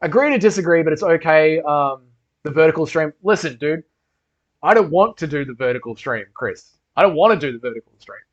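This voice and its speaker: A man's voice: fairly high pitch, expressive, fairly quick. A man hosting a casual livestream, reading comments and rambling with lots of swearing. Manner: loose, rambling, swears a lot. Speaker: livestream host. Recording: dull lo-fi stream audio.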